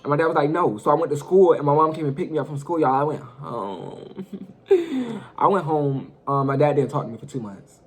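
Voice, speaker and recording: A young male vlogger tells a personal story casually, speaking straight to his viewers in an animated, profane way. His voice is husky and on the high side, and he talks a little fast.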